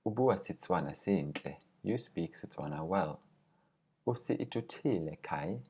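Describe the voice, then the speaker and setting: Man, deep voice, husky, language teacher, patient word-by-word explanation. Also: animated, a little mellow. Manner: patient, explains word by word, slows on key words. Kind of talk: recorded language lesson.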